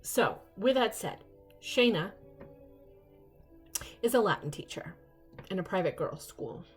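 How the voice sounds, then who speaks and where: An older woman hosting a casual unboxing vlog, chatty and excitable, rambling into asides. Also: mid-range voice, measured pace, slightly rough, soft background music. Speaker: vlog host.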